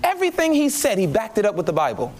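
A man with a high, very expressive voice preaches a testimony sermon. He tells his story in an animated way, swinging up and down as he acts out his own reactions. A faint hiss sits under the speech. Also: fast.

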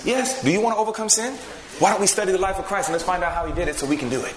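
A man preaching a sermon, swinging from loud emphasis to hushed storytelling. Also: high voice, racing, reverberant, a crowd in the background.

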